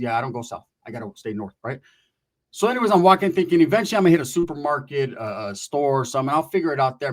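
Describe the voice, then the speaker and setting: A man telling a long story in casual, profane slang, acting out the voices of the people he quotes. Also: medium pitch.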